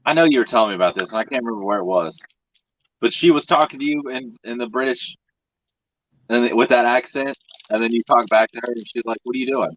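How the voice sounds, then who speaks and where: A man in a casual round-table chat, asking quick, chatty questions. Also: medium pitch, a bit bright, highs cut off.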